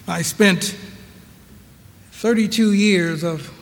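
A man preaching in a notably high voice, drawing out each phrase at a slow, deliberate pace. He leans on repeated rhetorical questions, and his words ring out with a long echo of the hall. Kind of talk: sermon.

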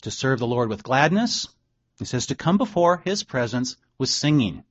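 A man's voice: mid-range voice, big pitch swings, moderate pace. A man giving a sermon in a conversational way, reading out research and adding wry asides. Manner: conversational preaching, reads quotes aloud, wry asides. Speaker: pastor. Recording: dull lo-fi recording.

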